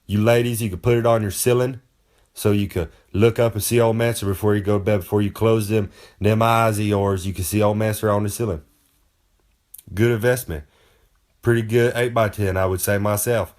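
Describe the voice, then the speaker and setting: A man's voice: fairly low pitch, fairly even intonation, brisk, a little mellow. Man, boastful, folksy, rambling, third-person brag, comic monologue. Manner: brags and talks about himself in the third person. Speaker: wrestler giving comic advice.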